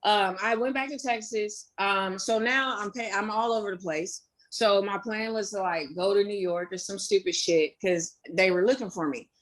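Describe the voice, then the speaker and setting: A young woman from Indiana talks through her story as an interview guest at a middling pitch. She is candid and profane, swears freely and piles on fillers and quick asides.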